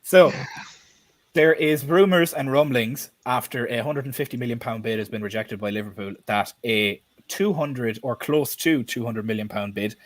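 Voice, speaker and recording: Male stream host, mid-pitched, blunt casual chat with the odd swear word. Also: moderate pace, dry recording.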